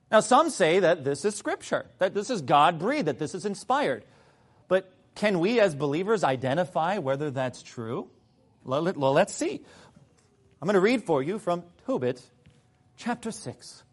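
Male preacher, high and lively, sarcastic in places, mock-British when reading. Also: moderate pace. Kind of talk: sermon.

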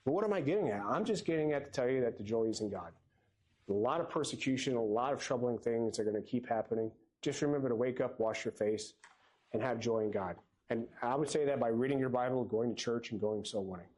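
A man's voice: medium pitch, quick pace, darkish tone. Man preaching an earnest conversational sermon. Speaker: lay preacher. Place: church sanctuary at a pulpit.

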